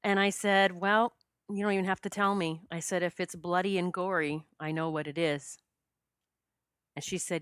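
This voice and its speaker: Middle-aged woman host, low voice, dry close mic, heartfelt personal storytelling. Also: steady tone, moderate pace, fairly bright tone, clean tone, dry recording. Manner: heartfelt, gets choked up and emotional. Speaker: podcast host.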